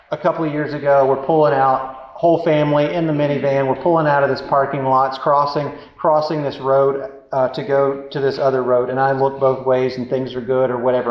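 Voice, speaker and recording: A man giving relationship advice through a casual, candid story, self-deprecating and rambling with many fillers. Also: mid-range voice. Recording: roomy, dull sound with faint noise.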